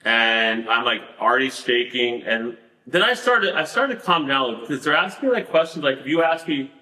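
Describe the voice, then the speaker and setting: Animated man telling a story, bright voice. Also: mid-range voice, normal speed, reverberant, low-quality recording. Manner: animated, laughing storyteller with many "like" fillers. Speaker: podcast guest. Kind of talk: casual storytelling interview.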